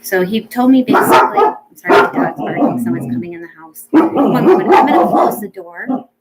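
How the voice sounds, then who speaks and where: A woman speaking as a pet psychic medium in a casual reading, chatty and rambling with many ums, gentle and reassuring. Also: mid-range voice, sing-song, fast, very noisy.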